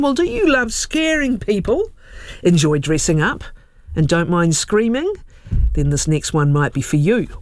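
A woman's voice: on the low side, dry recording. A woman hosting a live radio interview, chatty and playful, often laughing. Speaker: radio host. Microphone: studio microphone.

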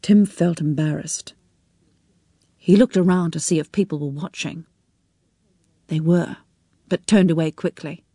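A woman narrating a story in a measured, expressive storytelling manner. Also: sits low, slightly rough, no room sound, studio quality.

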